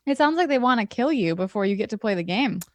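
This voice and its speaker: A woman playing in a tabletop game, chatting and joking quickly with the dungeon master. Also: a little high, expressive, no room sound. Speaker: player. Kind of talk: casual chat at a game table.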